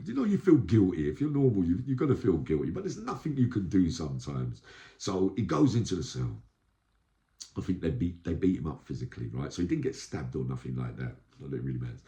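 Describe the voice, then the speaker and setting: A man's voice: low-pitched, a little fast, echoey room. A man telling prison stories in a casual, slang-filled monologue, acting out what others said. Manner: animated, street slang, acts out quoted voices. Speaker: vlogger recounting prison life.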